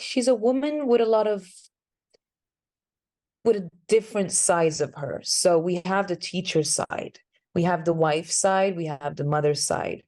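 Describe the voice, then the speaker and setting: A woman's voice: fairly low pitch, darkish tone. A woman, an actress chatting in an interview, searching for words as she talks. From Sweden. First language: Swedish. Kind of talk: casual interview answers.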